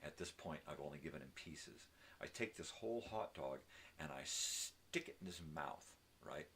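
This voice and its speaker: A man's voice: a bass voice, expressive, moderate pace, a bit bright, a little hiss or hum. An older man hosting a live morning show, telling a rambling story casually and often tagging lines with "right?". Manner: talks to his dog, tags lines with "right?".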